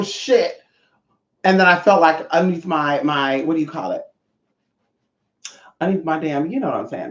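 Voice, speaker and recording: A man in his thirties chatting casually on a livestream, sassy and expressive. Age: 30s. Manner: sassy, expressive, swings pitch a lot. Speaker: livestream host. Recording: roomy dull lo-fi sound.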